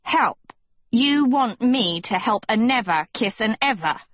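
A woman's voice: on the high side, lively intonation, a little slow, dry recording, pitched above the performer's own voice. A woman doing a screechy, scornful witch girl. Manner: screeching, mocking.

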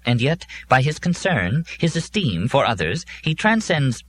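A man's voice: medium pitch, big pitch swings, a little slow, fairly bright tone, slight background noise, voice pushed up. A man voicing a pedantic, long-winded male robot that lectures with precision. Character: fussy pedantic male robot, wordy and earnest.

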